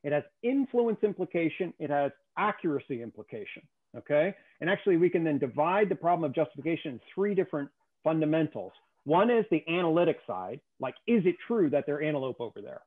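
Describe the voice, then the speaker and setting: A man's voice: on the high side, sing-song, a little fast. A man as a guest explaining a theory in conversation, emphatic and often checking in with "okay?". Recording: tinny phone-like call audio.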